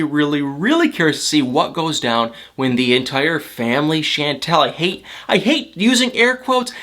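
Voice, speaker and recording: A man with a slightly higher voice recaps reality TV in a loose, casual vlog. He talks in a chatty, emotional way, piling on fillers and repeating himself as he goes. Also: pushed and bright. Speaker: reality TV commentator.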